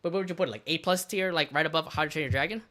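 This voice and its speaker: A man co-hosting a casual podcast, his voice bright and forward. He rambles excitably, leaning on fillers and restarts as he chats. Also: on the high side, racing. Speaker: podcast co-host. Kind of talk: casual chat.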